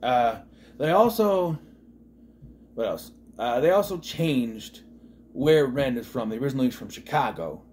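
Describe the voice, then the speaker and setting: A man's voice: medium pitch, darkish tone, slight background noise. Rambling man reviewing a movie. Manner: rambling, full of "you know" and restarts. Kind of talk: casual movie review commentary.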